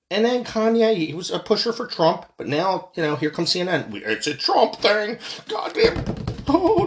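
A man's voice: fairly high pitch, fairly bright tone. A man giving a heated, profane, rambling opinion rant as a commentator.

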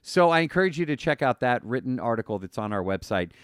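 A man's voice: mid-range voice, very animated, quick pace, no echo, studio quality. A man hosting a podcast, talking casually and enthusiastically, often repeating and restarting words. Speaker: podcast host.

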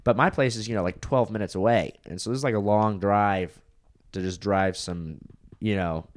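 A man's voice: lowish voice, normal speed. A young man, a comedian guest, telling a crude story in a rambling, casual way that is full of "like".

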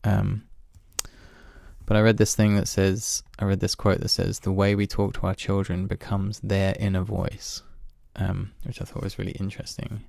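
A man's voice: low voice, monotone, normal speed, vocal fry, a little mellow, no echo, studio quality. A man talking in a casual, reflective monologue, candid and self-deprecating, swearing now and then and laughing at himself.

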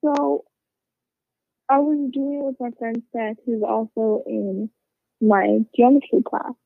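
A woman with a slightly high voice rambles through a casual story, cursing freely and piling on fillers. The sound is thin and phone-like, with a dry, close feel and no room echo. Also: steady tone, slow pace, creaky. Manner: rambling, swears a lot, with lots of fillers.

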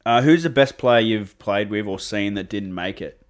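A man's voice: on the low side, normal speed. A man with an Australian accent hosting a casual podcast interview, asking about footy and reacting with short, swearing remarks. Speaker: podcast host.

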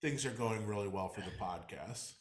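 A man's voice: fairly low pitch, lively intonation, unhurried. A man co-hosting a podcast, chatting loosely, swearing freely and repeating himself. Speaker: podcast co-host. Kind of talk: casual chat.

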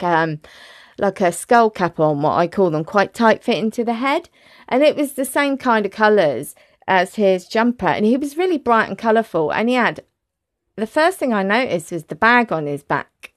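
An Englishwoman vlogger telling a story in a chatty, animated way, talking straight to her viewers. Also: medium pitch, no echo, studio quality.

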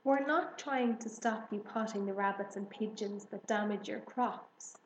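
A woman's voice: mid-range voice, a little slow, roomy sound, slight background noise, close to an everyday voice, rough recording. A woman reading as a kindly, sensible village woman.

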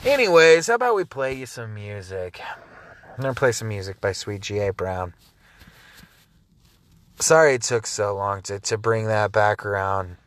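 A man's voice: fairly low pitch, lively intonation, a little slow, pauses often, fairly bright tone, no room sound. A man hosting a music show, ranting angrily and swearing heavily between songs. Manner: angry, swearing, rambling. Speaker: show host.

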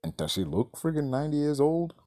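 A man's voice: fairly high pitch, very animated, a little fast, dark tone. Exasperated man ranting about a movie. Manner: exasperated, swears a lot, rhetorical questions. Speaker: movie reviewer. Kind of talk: casual ranting review.

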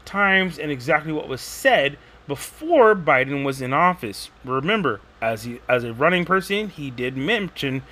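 Man, podcast host, rambling commentary, loose slangy delivery, fairly high voice. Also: moderate pace. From Texas. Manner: rambling, animated, conversational with slang. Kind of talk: casual monologue commentary.

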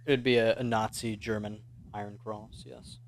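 A man narrating and running a tabletop horror game as game master, in a measured, deliberate way. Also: lowish voice, flat delivery, creaky.

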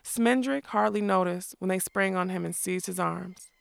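A woman narrating a fantasy novel aloud in a measured, lyrical storytelling manner. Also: lowish voice, creaky, no room sound. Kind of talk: audiobook narration.

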